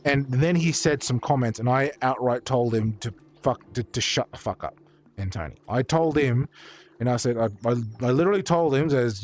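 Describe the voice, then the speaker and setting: A man's voice: medium pitch, animated, moderate pace, a little mellow. Man chatting casually on stream. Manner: rambling, swears freely, many fillers and restarts. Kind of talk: casual livestream chat. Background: faint background beats.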